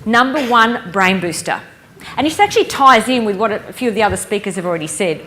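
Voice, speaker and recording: A woman giving a lively conference keynote, engaging the audience with stories and questions. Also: medium pitch, fairly quick, slight background noise. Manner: lively, playful storyteller who engages the audience. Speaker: keynote speaker. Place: conference hall stage.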